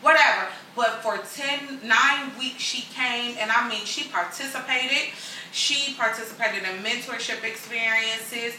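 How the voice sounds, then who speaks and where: A woman chatting casually, telling an animated story full of acted-out quotes and slang. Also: a little high, unhurried, slight background noise. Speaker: guest telling a friendship story. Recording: echoey room, far from the mic.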